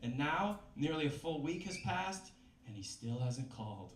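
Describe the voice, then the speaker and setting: A man's voice: fairly high pitch, very animated, unhurried, recorded from a distance. A man reading a book aloud at a live comedy reading in a bistro, with wry, self-mocking asides. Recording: echoey room with background noise.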